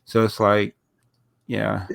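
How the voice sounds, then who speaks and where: A man's voice: lowish voice, completely flat delivery, slow, gravelly, no room sound. A man with a nasal, stuffed-up voice, recovering from a cold, telling a rambling story on a casual podcast with frequent laughs. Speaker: podcast co-host. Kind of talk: casual chat.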